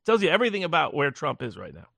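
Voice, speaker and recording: Fairly high, dry-sounding male commentator. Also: wildly swooping pitch, gravelly, fairly bright tone, no echo. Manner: halting, repeats words while building long arguments. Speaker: political commentator, guest. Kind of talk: casual political discussion.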